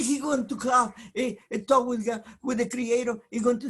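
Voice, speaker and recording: A man, a rabbi, giving an informal Torah lesson, emphatic and animated, in broken English with many restarts and asides. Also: extremely high pitch, normal speed, few pauses, breathy edge. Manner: jokes and talks aside to someone off mic. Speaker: rabbi teaching the weekly Torah portion.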